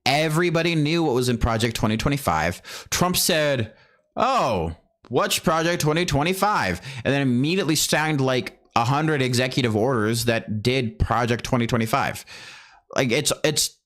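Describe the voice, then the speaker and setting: A man's voice: medium pitch, moderate pace, a bit bright. A man in casual conversation, explaining his views earnestly with some indignation. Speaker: streamer. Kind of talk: casual chat.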